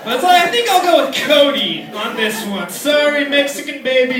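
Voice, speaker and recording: A young man in his twenties doing a crude, rambling stand-up routine in a comedy club, often slipping into squeaky put-on voices. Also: animated, moderate pace, background noise. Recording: echoey club with loud crowd, distant mic.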